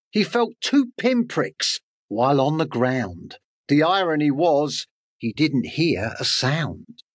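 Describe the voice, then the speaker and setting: A man's voice: mid-range voice, lively intonation, slow, dry recording. A man narrating rhyming children's fables in a sing-song storytelling manner. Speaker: audiobook narrator and author.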